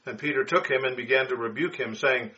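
A man from a Bible class reading scripture aloud in a steady, measured way. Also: medium pitch. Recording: dull lo-fi sound.

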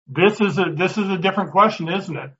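A man's voice: high voice, fast, pushed and bright, slight background noise. A man teaching a Bible class in a conversational way, often restarting words and putting questions to the class. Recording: dull lo-fi recording.

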